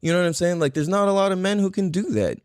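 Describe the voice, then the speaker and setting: A young man hosting a podcast, telling a story in casual chat with lots of swearing, and his voice jumps high when he quotes himself. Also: quick pace, a little mellow, clear, resonant tone, dry recording, studio quality. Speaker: podcast host.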